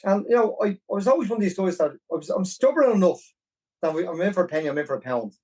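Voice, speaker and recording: A man in his forties with a Dublin Irish accent spins an animated, self-deprecating tale in a fairly high voice. He sits a little back from the microphone. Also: quick pace, breathy edge, distant mic, low-quality recording. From Ireland. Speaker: podcast guest, marathon runner. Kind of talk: casual storytelling interview.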